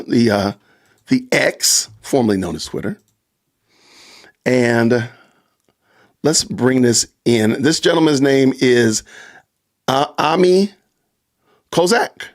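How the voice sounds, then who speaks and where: A man hosting a live stream in a relaxed, chatty manner, reading out viewer comments. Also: mid-range voice. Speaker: livestream host. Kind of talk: casual live chat.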